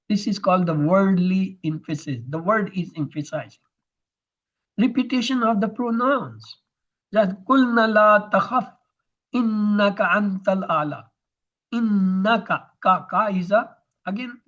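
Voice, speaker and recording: A man's voice: sits high, fairly bright tone, highs cut off. A man teaching Arabic grammar in an online lesson, explaining terms step by step over a video call.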